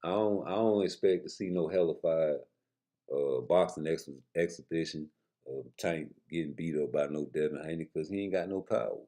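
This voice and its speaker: A man's voice: extremely low pitch, moderate pace, dark tone. A man giving a blunt, slangy boxing commentary rant straight to his viewers, with profanity.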